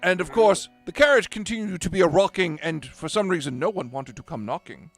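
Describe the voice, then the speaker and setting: A man's voice: sits high, a little fast, fairly bright tone, faint music behind. A man playing a lewd, mock-proper colonial governor in an improvised tall tale. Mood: pompous.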